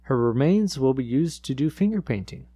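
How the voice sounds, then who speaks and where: An earnest small-town radio host, played by a man who reads even grim news in a flat, deadpan tone. His voice sits in an ordinary middle pitch, recorded dry and close with no room sound. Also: moderate pace, slightly rough, no echo. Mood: calm. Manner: deadpan, matter-of-fact about grim news. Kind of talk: improvised comedy audio drama.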